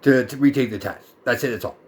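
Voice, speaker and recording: A snippy female driving examiner, curt and impatient, tossing out demands with attitude, as a man mimics her while telling a story. The voice sits a touch higher than normal talk. This is a casual vlog bit. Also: fast, darkish tone, lightly acted.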